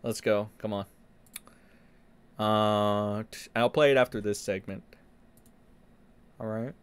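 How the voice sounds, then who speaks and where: A man hosting a casual livestream, rambling and profane, in animated commentary. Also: lowish voice, takes it slowly, smooth. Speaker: streamer host.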